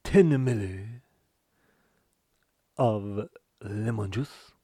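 A man's voice: fairly low pitch, extremely slow, warm tone, breathy edge, no echo, studio quality, voice pushed down, exaggerated voice. A man voicing a rude, swearing male cocktail chef whose put-on accent keeps shifting. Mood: bossy. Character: foul-mouthed aggressive male cocktail chef.

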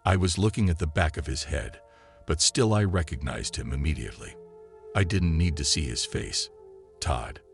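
A man narrating a listener's written story in the first person, in a calm and measured reading style. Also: rumbling low, gravelly. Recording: soft music behind the voice.

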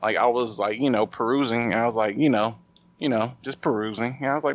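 A man's voice: medium pitch, quick pace, highs cut off. A man hosting a podcast, talking in a casual, rambling way with lots of fillers and restarts. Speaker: podcast host.

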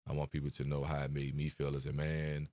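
Young guy, super low voice, kinda monotone, lots of ums and likes, dry sound. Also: quick pace, no echo. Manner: soft-spoken, hesitant, many fillers. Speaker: interview guest. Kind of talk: emotional interview conversation.

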